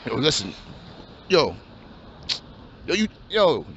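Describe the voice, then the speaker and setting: A man's voice: fairly high pitch, big pitch swings, slow, a bit bright, exaggerated voice. A man voicing a laid-back young male dreamer in a comedy skit, drawling slang in a mumble. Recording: dull lo-fi, faint hum.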